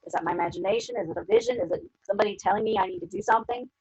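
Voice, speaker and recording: A woman's voice: medium pitch, huge pitch swings, racing, vocal fry, a little mellow, husky, dry recording, exaggerated voice. A woman voicing a troubled, hesitant nobleman in a casual, modern way of talking, on a dull lo-fi recording. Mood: uneasy. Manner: casual modern-speech retelling of quotes.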